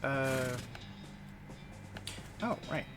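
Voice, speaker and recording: A man's voice: mid-range voice, expressive, very slow, music in the background. A man streaming live gameplay, chatting casually and reading game text aloud.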